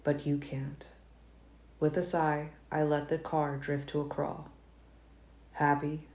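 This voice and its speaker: Low-voiced woman reading an audiobook. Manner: calm, measured first-person reading. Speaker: audiobook reader. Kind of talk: fan audiobook narration. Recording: roomy echo, faint noise.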